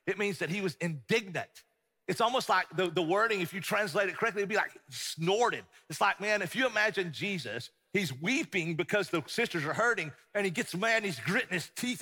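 Bright-voiced preacher man in a hall. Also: fairly high pitch, breathy edge. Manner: emphatic preaching, swinging between loud and hushed. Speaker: pastor. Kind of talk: sermon. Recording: long hall reverb.

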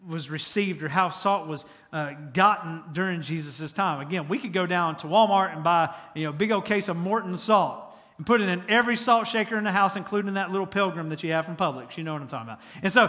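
High, bright-voiced preacher. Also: male voice, big-room sound. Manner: emphatic preaching with repeated phrases. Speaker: pastor. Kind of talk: sermon.

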